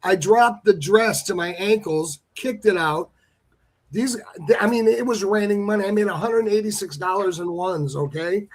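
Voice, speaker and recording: A man's voice: sits high, moderate pace. A man hosting a talk show, telling a funny story in a playful, joking way. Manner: playful, comic. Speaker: host. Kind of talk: casual storytelling.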